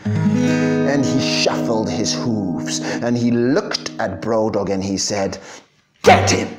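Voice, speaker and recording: A man's voice: on the low side, slow pace. A man telling a folktale dramatically, dropping to whispers and swelling again, over guitar music. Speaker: storyteller.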